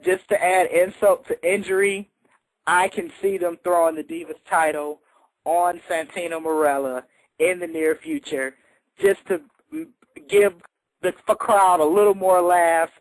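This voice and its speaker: A man's voice: high voice, steady tone, a little slow, no room sound, poor audio. A man co-hosting a radio show, chatty and confident, often laughing as he answers quiz questions. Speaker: quiz contestant and co-host. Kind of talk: casual radio chat. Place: radio studio.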